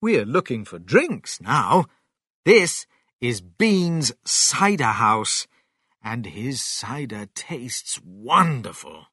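A man voicing a clever, bold male fox in a storybook reading, speaking with eager emphasis, raised and loud. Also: mid-range voice, sing-song, extremely slow, husky, no echo, clean studio sound, exaggerated voice.

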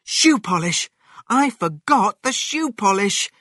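A man doing an eager, excited young boy. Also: fairly high pitch, unhurried, husky, no echo, studio quality, voice pushed up, heavily acted. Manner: bright excited exclamations.

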